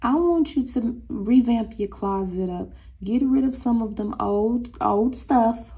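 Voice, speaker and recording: A young woman reading tarot cards in a loose, sassy way, teasing her viewers as if they were friends. She speaks, and her voice is gravelly and mellow. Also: on the high side, slow pace. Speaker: tarot reader.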